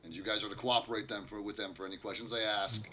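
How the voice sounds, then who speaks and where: A man's voice: on the low side, little pitch movement, fast, slight background noise. A man voicing a crushed, dejected camp boss. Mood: weary. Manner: slumped, quiet and dejected. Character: defeated male logging camp boss.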